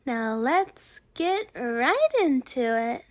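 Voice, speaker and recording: A woman's voice: high voice, sing-song, drawn-out words. A woman hosting a commentary channel, giving a chatty, friendly scripted intro to her video.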